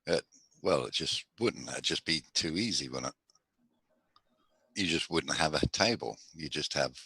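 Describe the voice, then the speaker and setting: A man's voice: a bass voice, lively intonation, a little slow, pushed and bright, slightly rough, no room sound. A man joining a casual livestream chat, making wry jokes. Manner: joking, wry.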